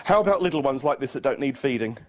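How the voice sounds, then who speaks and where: A man's voice: medium pitch, lively intonation, fast talker. A man performing a children's magic show, coaxing a young volunteer with playful, mock-confused patter.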